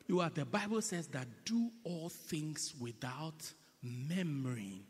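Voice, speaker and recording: A man preaching a sermon in a church, swinging between loud, drawn-out lines and hushed whispers, repeating words for effect. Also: on the high side, lively intonation, a little hiss or hum. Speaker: pastor. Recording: echoey church hall.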